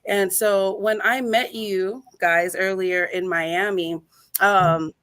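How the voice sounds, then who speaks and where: A woman's voice: medium pitch, fairly even intonation, slow, a bit bright, no room sound. A woman in her thirties speaking earnestly and gratefully as a guest on a video call, her voice rising when she gets emotional. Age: 30s. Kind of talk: heartfelt personal talk on a video call.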